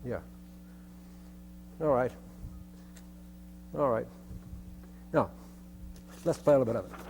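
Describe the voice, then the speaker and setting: A man's voice: medium pitch, animated, takes it slowly, a little mellow, a little hiss or hum. An older man conducting a band rehearsal, giving instructions and singing rhythms on short syllables, often repeating his phrases.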